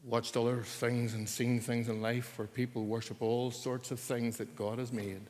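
An older man preaching a sermon, earnest and building at times to loud, forceful emphasis. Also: medium pitch, flat delivery, normal speed, big-room sound.

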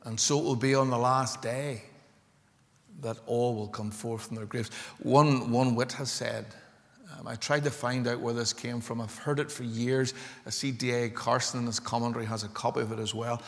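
A man's voice: medium pitch, fairly even intonation, moderate pace, long reverb tail. A man preaching a sermon with passion, building to emphatic peaks. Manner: impassioned, building to emphatic climaxes.

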